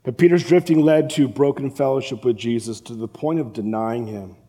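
A man preaching a sermon as a pastor, animated and acting out the voices of the people in the story. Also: mid-range voice, moderate pace. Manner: animated, acts out the quoted voices. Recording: long reverb of a large hall.

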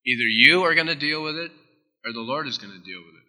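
A man preaching a sermon as pastor, emphatic, with sudden drops into soft, close asides. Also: mid-range voice, lively intonation, fast talker, long reverb tail.

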